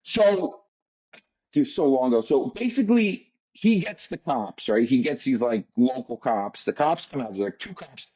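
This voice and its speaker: A man's voice: medium pitch, expressive, darkish tone, breathy edge, lo-fi sound. An American man on a call, telling a long, profane travel story in a rambling, casual way. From United States. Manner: rambling, profane, fast bursts. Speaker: guest.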